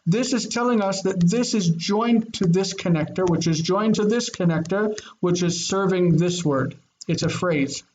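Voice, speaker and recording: A man's voice: high voice, moderate pace, few pauses, darkish tone, a little hiss or hum, low-quality recording. A man teaching a Biblical Hebrew grammar lesson online, explaining with eager enthusiasm and thinking aloud. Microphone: video call.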